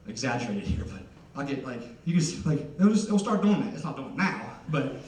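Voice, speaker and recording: A man's voice: mid-range voice, big pitch swings, a little fast, darkish tone. A young man from Ohio doing a stand-up comedy set, rambling and self-deprecating, with lots of fillers. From Ohio, USA. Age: young adult. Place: concert venue on stage. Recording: echoey hall, heard from a distance.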